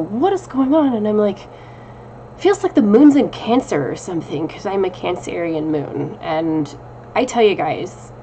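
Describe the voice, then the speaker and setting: A woman's voice: fairly low pitch, gravelly, a little mellow, slight background noise, low-quality recording. A woman in her thirties, casually talking to her viewers in a rambling, self-deprecating personal check-in, recorded at home on a camera mic. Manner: chatty, rambling, laughs often, self-deprecating. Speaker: witchcraft vlogger.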